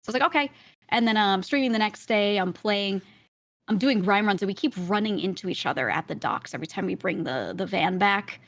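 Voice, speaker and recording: A woman's voice: medium pitch, fairly bright tone, no room sound, studio quality. A woman guest on a podcast, telling a long story in casual chat with frequent laughs. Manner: chatty storyteller, quick laughs.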